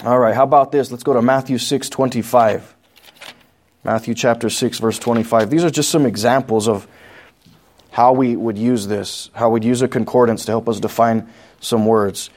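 An adult pastor with a New Mexican accent reads scripture aloud and explains it plainly in a Bible study sermon, asking the congregation questions along the way. His mid-range voice is steady and a little mellow, at a normal speed.

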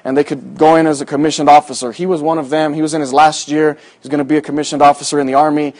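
A man's voice: a little high, little pitch movement, very fast, darkish tone. A man preaching a sermon, telling a personal story in a folksy, rambling way with many fillers, in a church. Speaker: pastor.

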